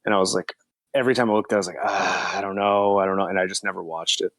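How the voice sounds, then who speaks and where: A man's voice: low voice, fairly even intonation, rapid-fire, fairly bright tone, no room sound. A man co-hosting a movie podcast, joking and self-deprecating in casual chat. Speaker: podcast co-host.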